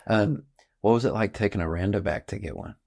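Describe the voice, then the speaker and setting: Fast-talking low-voiced podcast host. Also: male voice, creaky. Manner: relaxed, asks short friendly questions. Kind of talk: casual conversation.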